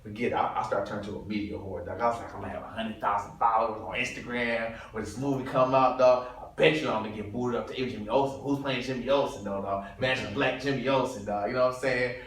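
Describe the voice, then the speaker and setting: Animated slangy man, very echoey. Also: medium pitch, quick pace, hardly any pauses. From Detroit. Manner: animated, slangy, laughing storyteller. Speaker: guest comedian. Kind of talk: casual storytelling interview. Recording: very echoey room, far from mic.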